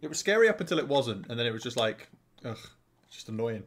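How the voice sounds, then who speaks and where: A man's voice: medium pitch, big pitch swings, fast talker. A man hosting a casual gaming stream, rallying his friends over voice chat and swearing freely. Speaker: streamer host.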